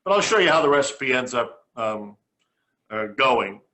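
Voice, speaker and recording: A man's voice: mid-range voice, lively intonation, unhurried, bright, forceful tone. A man hosting a homespun cooking demonstration, chatting casually and often restarting his phrases. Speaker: cooking show host.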